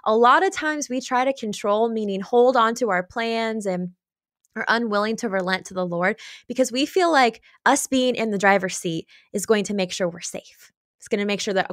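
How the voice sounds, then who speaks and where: A woman's voice: fairly high pitch, normal speed. Woman guest on a podcast, earnest and open, dry close sound, no room echo. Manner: earnest and open, laughs lightly between thoughts. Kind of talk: candid conversational interview.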